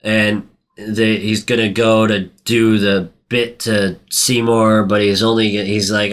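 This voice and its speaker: A man's voice: fairly low pitch, flat delivery, takes it slowly, fairly bright tone. A man in casual chat, recapping a movie in a rambling, profane way and acting out its lines. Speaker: podcast co-host recapping a movie.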